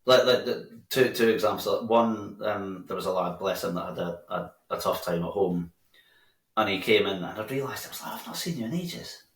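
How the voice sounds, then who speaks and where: A bar owner with a low voice chats as a guest in a casual interview, rambling at a moderate pace with lots of restarts. The sound is roomy, picked up by a distant mic.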